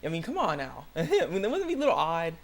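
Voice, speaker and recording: A young man hosting his own channel, retelling an episode in a rambling, excitable way with lots of fillers and restarts. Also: on the high side, fast talker. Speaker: channel host. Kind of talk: casual anime episode recap.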